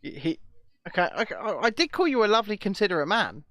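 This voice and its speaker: A chatty male host running a live stream, reading out viewer comments and often restarting his sentences. His voice is high and swings widely in pitch. The sound is dry and close. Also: big pitch swings, fast talker, sharp tone, no echo. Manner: chatty, stammering restarts, reads chat comments aloud. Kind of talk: casual live-stream chat.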